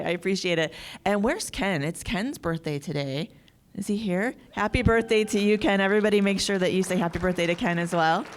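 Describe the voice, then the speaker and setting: A middle-aged woman giving a live conference talk as a securities lawyer, telling animated stories with quoted dialogue into a handheld stage mic. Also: lowish voice. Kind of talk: live keynote speech.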